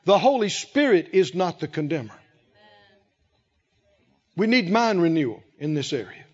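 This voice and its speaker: A male pastor preaching a sermon, speaking slowly and with emphasis, pausing to let the congregation fill in key words. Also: a little high, very animated. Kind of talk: sermon with call-and-response. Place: church sanctuary. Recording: lo-fi with long hall reverb.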